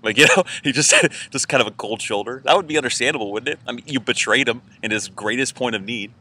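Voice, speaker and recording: A man's voice: medium pitch, fast, pushed and bright, slightly rough. A man pastor giving an informal weekend sermon, casual and conversational with many fillers. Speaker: church pastor.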